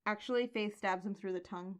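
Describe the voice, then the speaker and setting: A woman's voice: medium pitch, steady tone, fast. A woman co-hosting a casual podcast, recapping comics in a playful, amused way. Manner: playful, amused, quotes characters in a light voice. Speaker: podcast co-host.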